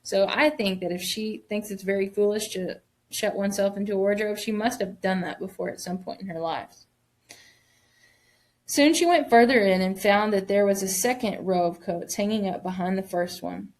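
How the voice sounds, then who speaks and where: Female teacher, read-aloud lesson, mid-pitched voice, pauses to explain and stress words. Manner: stops to explain reading points, stressing words. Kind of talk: reading a novel aloud to students.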